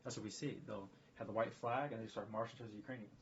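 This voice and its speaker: A man's voice: on the low side, steady tone, racing. A man talking in a casual live-stream monologue, rambling and emphatic, often repeating himself. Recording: dull lo-fi stream audio with faint background noise.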